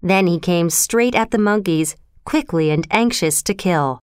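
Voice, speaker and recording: A woman's voice: lowish voice, measured pace, clean tone, dry recording, clean studio sound. Woman reading a storybook aloud. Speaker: narrator.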